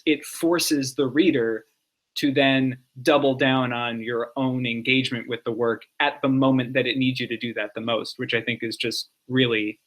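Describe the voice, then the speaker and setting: A man co-hosting a podcast, speaking in a thoughtful, measured, reflective way in casual discussion. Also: medium pitch, a bit bright. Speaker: podcast co-host.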